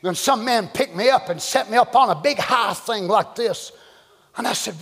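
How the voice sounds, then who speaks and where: A man preaching a sermon, moving from hushed whispers to shouted cries as he acts out the voices he quotes. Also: high voice, normal speed, breathy edge, in a large hall. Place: church.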